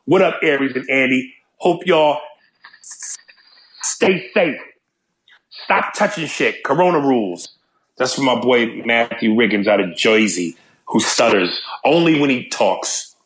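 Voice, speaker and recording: A man's voice: medium pitch, a little slow, a bit bright, echoey room. A man co-hosting a podcast in casual, profane, rambling chat. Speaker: podcast co-host.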